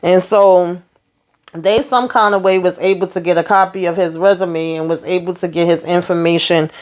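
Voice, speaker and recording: A young adult woman reviews a TV episode in a loose, casual monologue full of slang and fillers, chatting away and quoting the characters' lines as she acts them out. Her voice is fairly low and darkish, with a steady tone and a moderate pace.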